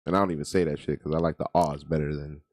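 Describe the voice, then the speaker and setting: A man co-hosting a podcast in casual, slangy chat, quick to laugh. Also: a bass voice, fairly even intonation, darkish tone, no room sound, clean studio sound. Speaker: podcast co-host.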